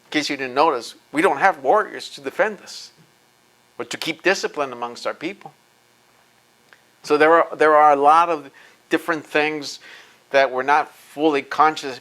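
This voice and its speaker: A man's voice: fairly high pitch, animated, normal speed, pushed and bright, poor audio. A man answering audience questions after a lecture, talking in an impassioned, emphatic way and repeating points for force. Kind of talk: impassioned Q&A talk. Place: lecture event.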